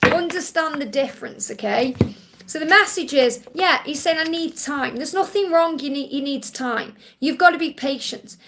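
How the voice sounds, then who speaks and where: Hosting a live Q&A, a spiritual reader with a high, light voice offers readings to viewers, calling each one honey. She speaks at a normal speed, sounds reassuring, and circles back to the same points, all over a noisy background.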